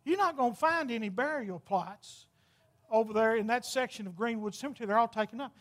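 A man's voice: extremely high pitch, brisk, a bit bright. A man voicing a polite little woman clerk in his story.

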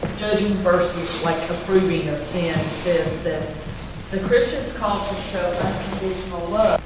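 A woman in a group discussion, thinking aloud and hesitating as she searches for words. She is picked up from far away, in a very echoey room with loud noise behind her. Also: on the low side, moderate pace. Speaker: class member. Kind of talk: casual discussion. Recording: distant, very echoey, noisy room.

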